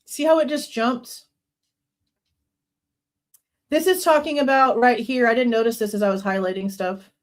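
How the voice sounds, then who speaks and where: A woman's voice: a little high, normal speed, pauses often. Indignant woman hosting a true crime reaction. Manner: indignant, mocking, blunt. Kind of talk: live reaction commentary, reading court documents aloud.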